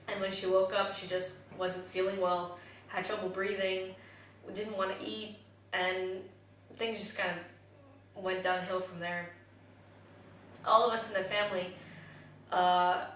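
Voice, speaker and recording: A young woman from the United States and Jamaica speaking candidly in a personal vlog, halting and restarting as she reflects. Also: medium pitch, fairly bright tone. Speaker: vlogger. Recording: very echoey room, voice from far off the mic, faint noise.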